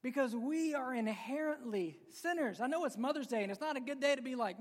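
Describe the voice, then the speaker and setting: A man's voice: very high voice, expressive, brisk, few pauses. Joking, emphatic male pastor in a reverberant hall. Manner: conversational and joking, with emphatic outbursts. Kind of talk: preaching a sermon to a live congregation. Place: church sanctuary with congregation. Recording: long reverb of a large hall.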